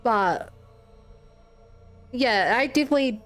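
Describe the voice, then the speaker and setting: A woman's voice: fairly high pitch, lively intonation, takes it slowly, fairly bright tone, faint music behind. A woman streamer chatting casually and rambling as she plays a game. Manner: chatty, rambling, laughs easily. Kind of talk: casual live-stream commentary.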